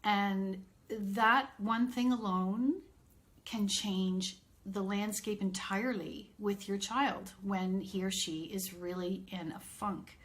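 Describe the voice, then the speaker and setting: Middle-aged woman, parent coach on a live stream, unhurried and earnest. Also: medium pitch. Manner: earnest, reassuring, thinks aloud with fillers.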